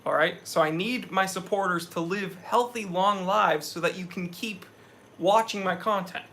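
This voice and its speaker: A man's voice: high-pitched, moderate pace, pushed and bright, a little hiss or hum. A young man hosting a casual live stream, sweaty after a hike, talking with energy as he reads out viewers' chat messages.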